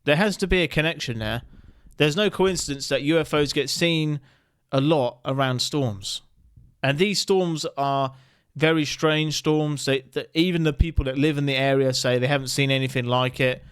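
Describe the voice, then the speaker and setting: A man hosts and comments on videos in a joking, chatty way, with lively asides. His voice is smooth and clear and sits a little high. The sound is dry and close. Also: moderate pace, no echo. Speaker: host. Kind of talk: casual commentary on reaction videos.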